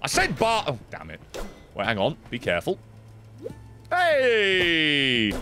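An excitable man talks through a video game in casual stream commentary, his voice bouncing between low grumbles and high yelps. He swears freely and reacts loudly to every surprise. Faint music plays softly behind him. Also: slow.

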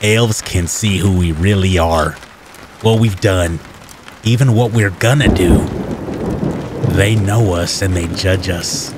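A sinister older man who keeps a murderous elf, talking low and unhurried with a quiet menace, as a man voices him. His deep tone drags each word, and a faint wash of rain sits under the narration. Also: background noise. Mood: menacing. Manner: low, slow and calmly menacing. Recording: faint rain bed behind the voice.

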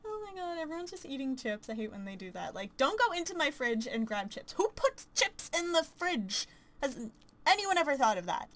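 Excitable young-sounding woman gaming commentator. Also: high voice, moderate pace. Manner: chatty and excitable, gushing aloud. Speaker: let's play commentator. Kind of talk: casual gameplay commentary.

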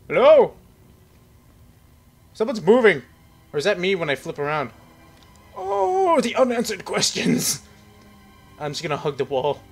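A man's voice: on the high side, huge pitch swings, normal speed, vocal fry, pauses often, faint music behind. A young man giving casual, rambling commentary on a horror game into a headset, nervous and joking as he talks to the characters on screen. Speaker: gaming commentator.

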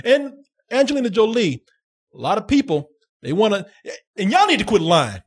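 A man's voice: sits high, normal speed, husky. A man co-hosting a movie review show, chatting casually with plenty of joking and profanity. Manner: animated, laughing, profane, joking. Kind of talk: casual chat.

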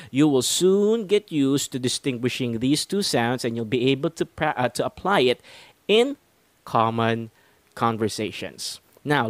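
A man's voice: mid-range voice, no echo. A man teaching English pronunciation in a chatty, self-deprecating way, close to the microphone. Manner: chatty, self-deprecating, refers to himself in third person. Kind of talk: online pronunciation lesson.

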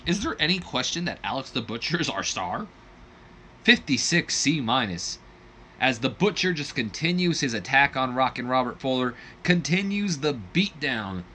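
A man giving casual, chatty play-by-play commentary on his video game, with bursts of excitement. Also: mid-range voice, normal speed, a little hiss or hum. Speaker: gaming video host.

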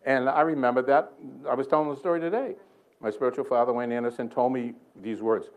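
A man's voice: mid-range voice, fairly even intonation, fast, phone-quality sound. A man preaching a sermon in a church, telling a story with lots of chuckles and self-mocking humor. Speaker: guest preacher. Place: church sanctuary.

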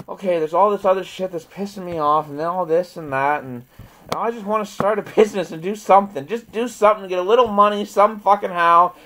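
A man's voice: high voice, a bit bright, rough recording. A man ranting at length in a profane, rambling, repetitive vlog, with bursts of frustrated laughter. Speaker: vlogger. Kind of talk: angry ranting monologue.

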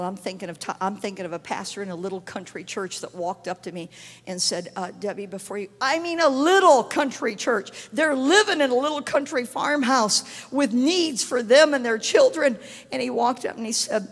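A woman's voice: medium pitch, moderate pace. Woman preacher in a reverberant hall. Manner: storytelling, acts out dialogue, swings from hushed to shouting. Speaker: evangelist. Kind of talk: testimony sermon.

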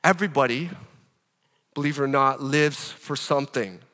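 A man preaching a sermon as pastor, in an animated, conversational way, with rhetorical questions. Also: medium pitch, normal speed, long reverb tail.

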